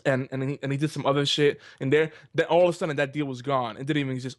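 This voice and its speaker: A man's voice: mid-range voice, fairly even intonation, racing, hardly any pauses, dry recording, clean studio sound. A man co-hosting a podcast in casual chat, easygoing, swearing and saying "dude" as he vents. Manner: casual and laid-back, says "dude", swears. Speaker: podcast co-host.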